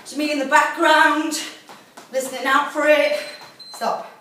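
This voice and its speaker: A woman with a high, fairly bright voice and little pitch movement speaks unhurriedly as she coaches a workout video. She calls out encouragement while exercising and gets out of breath. The room is very echoey, the mic distant, with faint noise.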